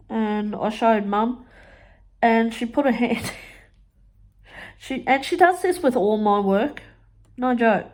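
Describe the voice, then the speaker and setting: A middle-aged woman chatting casually about her crafts, telling stories and acting out what others said in higher voices, laughing often. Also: slow, pauses often, darkish tone. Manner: chatty storytelling, acts out quotes in high voices, laughs often. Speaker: crafting vlogger. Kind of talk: casual chat while crafting.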